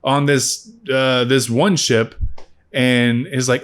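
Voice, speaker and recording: A man talks through a film in a loose, rambling vlog review. His voice sits at an ordinary middle pitch, and he swears freely and jumps into animated asides as he goes. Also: measured pace, clean tone. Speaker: movie reviewer. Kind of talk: casual spoken review.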